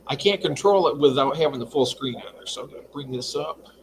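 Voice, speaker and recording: Man, casual stream host at home greeting viewers, pitched a touch high, very animated. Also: fast talker, a little hiss or hum. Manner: chatty, reads out viewer comments. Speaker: livestream host. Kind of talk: casual livestream chat. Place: home fish room.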